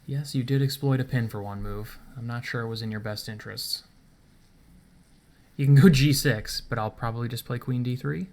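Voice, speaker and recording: A man's voice: medium pitch, normal speed, a little mellow. A man casually commenting on his own chess game, thinking aloud and chuckling at himself, recorded at home in his apartment. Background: faint rain noise.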